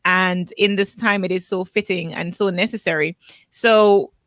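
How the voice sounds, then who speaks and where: A woman's voice: on the low side, steady tone, a little slow, fairly bright tone, no room sound. A woman with a Jamaican accent hosting a podcast, earnestly thanking her guest and addressing her community. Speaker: podcast host. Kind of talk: interview closing.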